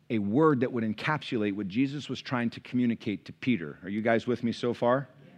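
A male pastor preaching a sermon, chatty and informal one moment, rising to impassioned, near-shouted preaching the next. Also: mid-range voice. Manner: conversational, building to impassioned shouting.

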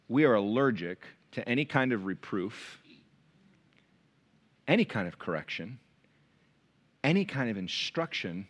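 Animated male pastor preaching. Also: a little high. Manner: animated storyteller, swings between shouting and hushed tones. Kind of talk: sermon.

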